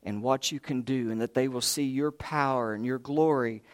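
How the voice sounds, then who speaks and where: A man voicing Jesus as a calm grown man who gives firm, reassuring commands. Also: mid-range voice, moderate pace, close to an everyday voice. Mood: prayerful.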